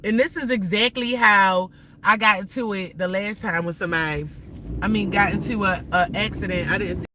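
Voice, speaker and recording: Bright-voiced woman ranting profanely while driving. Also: mid-range voice, moderate pace, slight background noise, rough recording. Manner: profane, heated, rambling rant. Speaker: livestreamer. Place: inside a car while driving.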